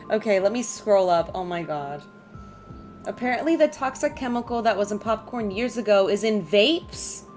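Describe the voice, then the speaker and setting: A woman's voice: medium pitch, moderate pace, darkish tone, soft background music. A woman streaming a game from home in casual chat, laughing often and talking to her dog and her viewers.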